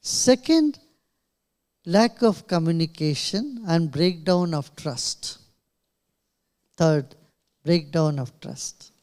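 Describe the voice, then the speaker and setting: A man answering questions at a press conference in a slow, measured way, pausing often with small laughs. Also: a little high, expressive. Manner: slow, measured, with many pauses and soft laughs. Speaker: invited speaker. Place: press club conference room.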